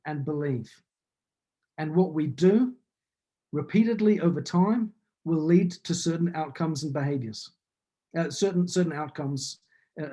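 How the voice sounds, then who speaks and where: A man's voice: a little high, warm tone. A man with a New Zealand accent giving a motivational business talk over a video call, building his points in earnest, repeating phrases. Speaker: business speaker.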